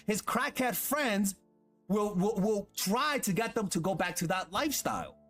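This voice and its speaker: A man's voice: high-pitched, very animated, normal speed, a bit bright, soft background music. A man coaching on dating, blunt and repetitive, often stumbling over his words. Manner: repeats words, blunt, swears, acts out quotes. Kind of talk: advice monologue.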